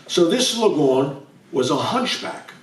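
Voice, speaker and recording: A man's voice: on the high side, very animated, slow, slight background noise. An older man, a chatty storyteller acting out the dialogue for a live audience at a bookstore event. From New York. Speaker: author guest speaker. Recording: roomy sound from a distant mic.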